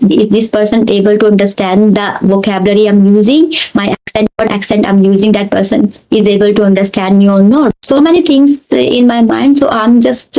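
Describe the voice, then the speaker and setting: A woman's voice: medium pitch, warm tone, low-quality recording. A woman with an Indian accent, an English teacher, talking earnestly in a casual conversation and explaining with repeated examples.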